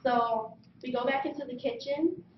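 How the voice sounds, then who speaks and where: A young woman giving a lively personal story speech, acting out the voices of the people in it. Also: high voice, moderate pace, a little hiss or hum. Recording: distant mic in an echoey room, dull sound.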